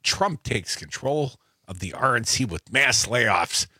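Husky, lively man hosting talk radio. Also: mid-range voice, slow pace, dry recording, studio quality. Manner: loose, energetic banter.

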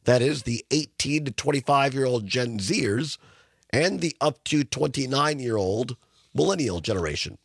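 A male radio talk show host with a rough, husky voice from a sinus infection, chatting casually and reading a news story aloud. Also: mid-range voice, animated, moderate pace, dry recording, clean studio sound. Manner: rambling, chatty, reads news stories aloud. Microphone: studio microphone.

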